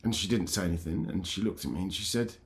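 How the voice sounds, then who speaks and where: A man hosting his own channel, telling a painful personal story in a halting, emotional way, full of restarts. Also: low voice. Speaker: channel host.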